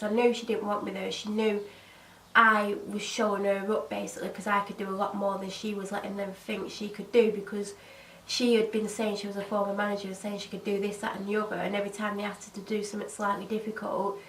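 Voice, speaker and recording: A woman's voice: medium pitch, fairly quick, reverberant, distant mic, a little hiss or hum, low-quality recording. A woman casually telling a story about her old job, acting out what each person said. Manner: animated retelling, voicing other people's lines. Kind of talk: casual story-time monologue.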